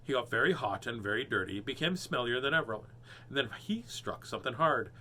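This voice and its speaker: A man hosting a storybook reading, animated and cracking puns between pages. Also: medium pitch, a little fast, slightly rough. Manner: animated, punning and joking. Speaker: host reading children's books. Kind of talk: storybook read-aloud with joking asides.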